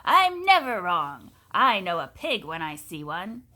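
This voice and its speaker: A bossy older sister who never admits she is wrong, as a woman reading aloud puts her on. She scolds slowly and loudly, leaning on each word. Storybook read-aloud, lively delivery. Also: lowish voice. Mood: stern, scolding. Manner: emphatic, slow and scolding. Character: bossy older woman, stern and sure of herself.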